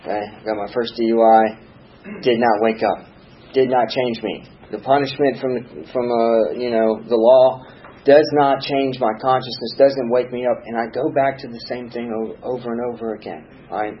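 A man's voice: medium pitch, fairly even intonation, normal speed, dull audio, a little hiss or hum. A man from Virginia giving an earnest personal testimony about his past, often checking in with "okay?" and "all right?". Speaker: speaker sharing a recovery story.

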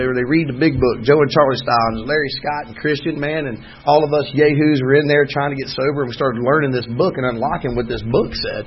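A man with a drawl shares his story at a recovery meeting in a candid, rambling, emphatic way. His voice sits a little high for a man. The recording is dull and lo-fi, with the sound of a meeting room around him. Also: slightly rough. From Georgia, US. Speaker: speaker sharing at a recovery meeting. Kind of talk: personal testimony.

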